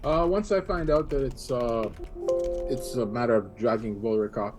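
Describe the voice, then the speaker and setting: A man's voice: medium pitch, moderate pace, over music. A man playing a tabletop game who talks in a wry, teasing way. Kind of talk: casual game play.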